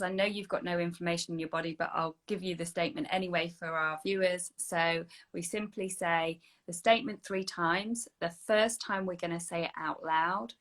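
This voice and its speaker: A woman guiding a slow, soothing breathing and energy healing meditation, sometimes dropping to a soft whisper. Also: on the low side. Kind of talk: guided meditation. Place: online video session.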